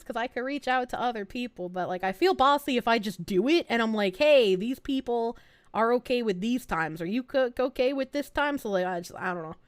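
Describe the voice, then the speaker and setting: A young woman with a Boston accent chats on a live stream in a high, bright voice. She is animated and quick to laugh, swearing freely as she answers chat. The sound is close and dry, with no room around it. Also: clear, resonant tone, no echo. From Boston, USA. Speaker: VTuber streamer.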